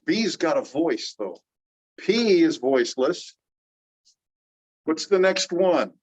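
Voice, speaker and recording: A slow, unhurried teacher working through a phonetics lesson, stopping to quiz the class. The sound is dull and lo-fi, like a plain classroom recording. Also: medium pitch, big pitch swings. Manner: patient, quizzing students with questions. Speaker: linguistics teacher. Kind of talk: classroom lecture.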